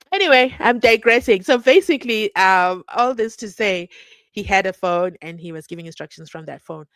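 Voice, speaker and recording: A woman hosting a true crime channel, chatting casually and reading out viewer comments, animated and teasing, laughing often. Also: on the low side, vocal fry, dry recording. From South Africa.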